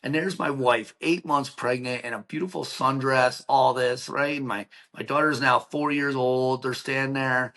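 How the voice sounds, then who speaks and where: A man's voice: mid-range voice, moderate pace, hardly any pauses. A middle-aged man, a podcast guest, telling a personal story with energy, acting out what people said and sprinkling in "like" and "right?". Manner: animated storyteller, acts out quoted dialogue, many "like" and "right?" fillers. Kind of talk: emotional personal storytelling in an interview.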